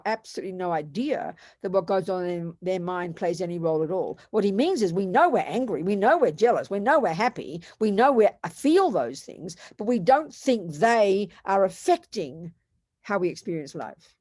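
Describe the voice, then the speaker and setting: A woman's voice: fairly low pitch, expressive, brisk, a little mellow, no echo, studio quality. An older woman giving an earnest, emphatic Buddhist teaching, repeating phrases for stress. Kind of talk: dharma talk.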